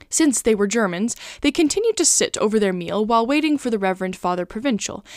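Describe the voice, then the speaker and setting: A woman reading a classic novella aloud in a measured, expressive storybook manner. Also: on the high side, no echo, clean studio sound. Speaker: narrator.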